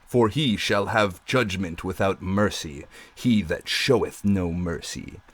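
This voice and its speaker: A man voicing the disembodied voice of God, intoning scripture in a solemn, measured way. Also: low-pitched, breathy edge, full character voice.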